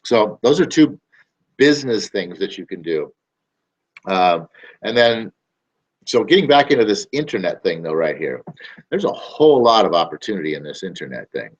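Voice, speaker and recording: A man's voice: low voice, sing-song, normal speed, husky, highs cut off. A man hosting a casual talk to camera, rambling and emphatic, often repeating his phrases. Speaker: show host.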